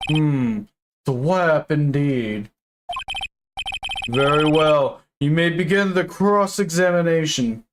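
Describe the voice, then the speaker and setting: A woman voicing a slow, ponderous older male judge in a video game, speaking low and deliberately. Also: noisy background.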